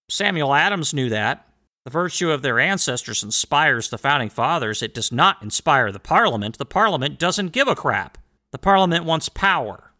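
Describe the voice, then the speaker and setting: A man's voice: on the high side, sharp tone. A man hosting a history commentary monologue, emphatic and rhetorical, who addresses his listeners directly and throws in sarcastic asides. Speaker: host.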